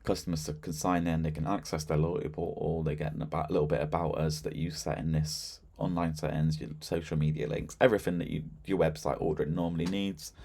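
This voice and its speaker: A man giving a casual, chatty walkthrough of a software system, with lots of fillers and a relaxed, informal delivery. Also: extremely low pitch, quick pace, gravelly, few pauses, slightly rough. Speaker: software demonstrator. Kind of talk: casual screen-share product walkthrough.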